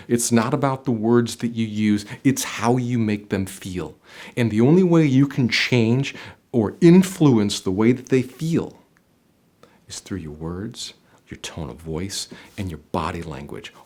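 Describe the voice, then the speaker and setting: Middle-aged male interview coach, lively pitch swings, emphatic and motivational to camera. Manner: emphatic, motivational, addresses viewer directly. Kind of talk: direct-to-camera coaching video.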